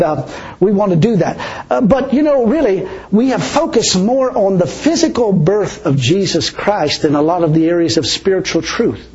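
A man's voice: high voice, darkish tone. A man preaching a sermon as pastor, chuckling often and repeating words for emphasis. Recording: dull lo-fi recording.

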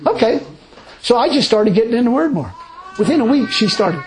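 Man, high-pitched, lively swooping voice, animated storyteller, rambling testimony, frequent laughter. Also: brisk, soft background music, poor audio. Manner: animated, laughing storyteller who acts out dialogue. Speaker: married Christian man sharing his testimony. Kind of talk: Christian testimony talk.

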